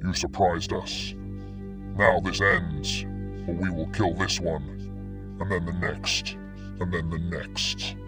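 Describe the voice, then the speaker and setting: A man's voice: sits low, flat delivery, slow pace, music in the background, pitched below the performer's own voice. A man narrating an audiobook voices a huge, scarred alien spider leader who speaks in a stilted, impenetrable way. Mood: menacing.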